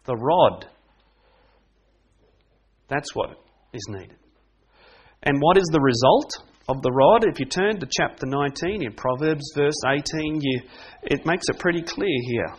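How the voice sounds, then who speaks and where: A middle-aged man preaches a sermon in a lively storytelling way. He acts out the people in his stories and laughs often. His voice sits slightly high for a man. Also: measured pace, pauses often, husky.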